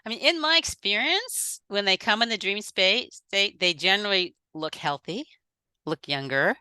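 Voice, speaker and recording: A woman's voice: medium pitch, expressive, moderate pace, bright, forceful tone, clean tone, no room sound. A woman guest, a dream teacher, explaining her views in a flowing, reflective way. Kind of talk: conversational explanation.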